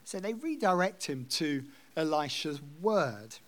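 A man's voice: on the high side, big pitch swings, a little slow, a bit bright. A man preaching a sermon, reading scripture aloud and explaining it in a conversational way. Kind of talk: expository sermon.

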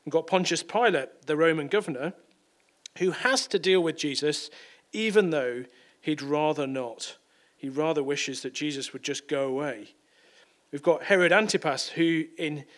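A man's voice: fairly high pitch, fairly bright tone. A man preaching a sermon in a conversational way, often repeating and correcting words.

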